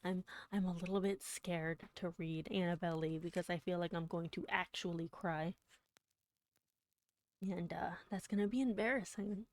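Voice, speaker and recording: Soft-spoken, emotional woman streamer. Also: fairly low pitch, steady tone, no echo. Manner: soft-spoken and emotional, often dropping into a whisper; halting, with many restarts and fillers. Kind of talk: casual chat on a live poetry reading stream.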